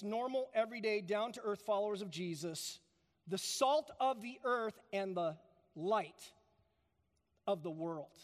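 A man's voice: high-pitched, in a large hall. A man preaching a sermon, emphatic, repeating key phrases for stress. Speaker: pastor.

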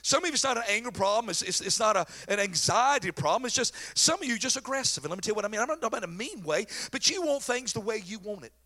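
Animated, bright-voiced preacher man. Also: sits high, quick pace, few pauses. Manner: folksy, joking, animated storyteller. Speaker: pastor. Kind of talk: sermon.

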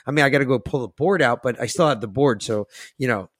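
A man hosting a podcast, reading an article aloud and ranting in a boastful, profane way that swings from muttering to loud outbursts. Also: medium pitch, quick pace, no echo, studio quality. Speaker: podcast host.

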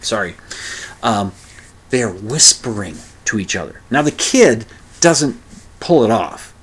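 A man's voice: lowish voice, fairly bright tone, slightly rough. Fifties guy ranting on his own podcast, grumbly, keeps restarting his sentences. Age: 50s. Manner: rambling, grumbling and self-deprecating, with frequent restarts and mild swearing. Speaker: podcast host. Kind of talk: casual solo podcast monologue.

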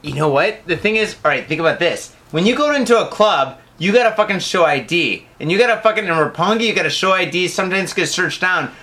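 A brash male podcast host in loose, profane chat. His voice sits high and rings bright and forceful. He riffs freely and swears constantly. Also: expressive, fast, few pauses. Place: living in Japan.

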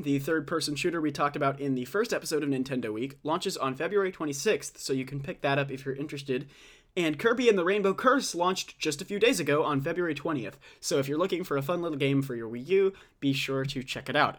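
A man's voice: fairly high pitch, lively intonation, fast, fairly bright tone. A man co-hosting a casual podcast, chatting and reading out news items with frequent fillers. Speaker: podcast co-host.

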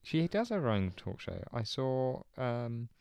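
A man hosting a podcast in a relaxed, hesitant way, with many fillers. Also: medium pitch, slow pace, creaky, clear, resonant tone, no echo. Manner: relaxed, hesitant, chuckling along. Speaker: podcast host. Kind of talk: casual chat.

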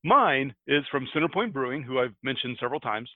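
Lively laughing man. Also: medium pitch, brisk, dry recording, phone-quality sound. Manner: laughs often, stumbling restarts. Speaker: podcast co-host. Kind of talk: casual chat.

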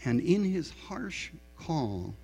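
A middle-aged male pastor preaches slowly and deliberately in a church sanctuary, his gravelly, husky voice dark-toned and sing-song. He tells frank, self-deprecating, confessional stories while a long church reverb rings out over a low mains hum and faint music behind.

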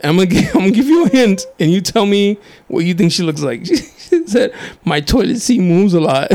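A man telling stories in casual chat, acting out quotes and laughing often. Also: a little fast. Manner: animated storyteller, acts out quotes in high voices, laughs often.

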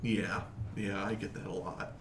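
A man's voice: lowish voice, flat delivery, unhurried, echoey room, slight background noise. A man playing a tabletop game, talking casually and hesitantly with many ums. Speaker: player.

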